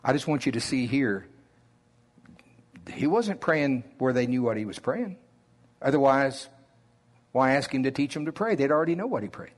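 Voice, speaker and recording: Oklahoma guy preaching slow and easy, kinda husky voice, drawl all the way. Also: mid-range voice, lively intonation. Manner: slow, deliberate, conversational preaching. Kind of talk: sermon.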